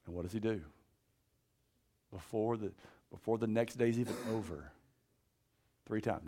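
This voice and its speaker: A man preaching a casual sermon to college students, animated and conversational, sometimes dropping to a hushed, intense tone. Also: fairly low pitch, measured pace, pauses often. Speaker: campus preacher.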